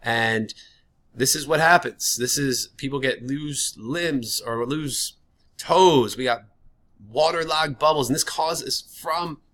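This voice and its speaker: Casual, bright-voiced male teacher. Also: medium pitch, slow. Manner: casual and chatty, with many "like" fillers. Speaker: history teacher. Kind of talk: classroom lecture.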